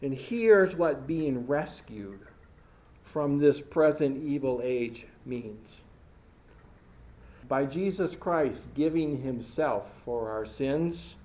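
A man's voice: medium pitch, lively intonation, takes it slowly, warm tone. A man preaching a sermon, talking to the congregation with emphatic repetition.

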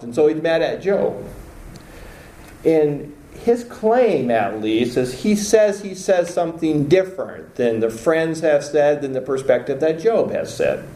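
Mellow-voiced man teaching in an echoey room. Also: medium pitch, expressive, a little slow. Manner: conversational, acts out quoted lines with a lifted voice. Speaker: Bible teacher. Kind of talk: informal lecture.

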